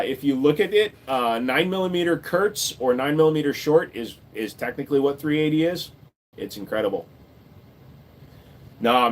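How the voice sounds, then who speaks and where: A man hosting a livestream, reading chat and answering in a laid-back, joking way, swearing casually and saying "dude" a lot. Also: on the high side.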